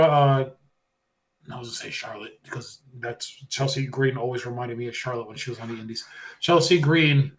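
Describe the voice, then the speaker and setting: A man co-hosting a casual podcast, talking at a middling pitch. He retells events in an animated way and slips into quoted voices along the way. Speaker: podcast co-host. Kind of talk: casual wrestling recap chat.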